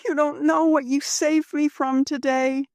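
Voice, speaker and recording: A woman voicing a spirited, gay young shop girl in a storybook reading, with a bright, breathless, rising lilt. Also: sits high, level tone, measured pace, no echo, studio quality, voice pushed up. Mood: eager.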